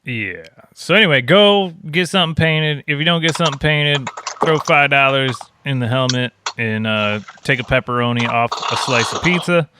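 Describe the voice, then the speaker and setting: A man's voice: mid-range voice, normal speed, background noise. A young adult man co-hosting a podcast in casual chat, rambling and joking and swearing freely. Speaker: podcast co-host.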